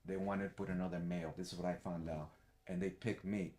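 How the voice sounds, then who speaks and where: A middle-aged man, a background actor, telling a lively story in a casual chat and acting out the other people's voices. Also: deep voice, fast, reverberant. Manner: animated, acts out quoted voices.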